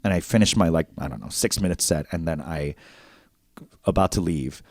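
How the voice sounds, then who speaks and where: A man's voice: very deep voice, normal speed, no room sound, clean studio sound. A man co-hosting a podcast, telling a funny story in a loose, chatty way, swearing freely. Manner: animated, swears freely, breaks into laughter. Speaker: podcast co-host. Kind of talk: casual comedic storytelling. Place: podcast recording setup.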